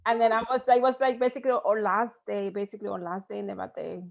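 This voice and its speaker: A woman in her thirties, a guest on a video call, telling stories in an animated way. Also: mid-range voice, quick pace, vocal fry. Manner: animated, storytelling. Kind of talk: casual interview chat. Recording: dull lo-fi video call audio.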